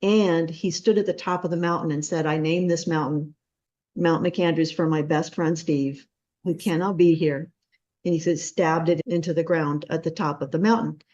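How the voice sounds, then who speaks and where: A woman hosting an interview, telling a long story and acting out the quotes with big jumps in pitch. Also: fairly even intonation, moderate pace, darkish tone, muffled recording. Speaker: host.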